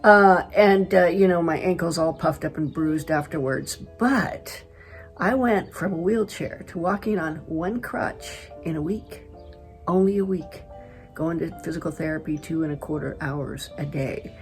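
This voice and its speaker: A middle-aged woman from California, chatty and animated, telling a personal story to camera as a travel vlogger. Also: low voice, a little slow, soft background music. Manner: chatty, animated retelling with quoted dialogue.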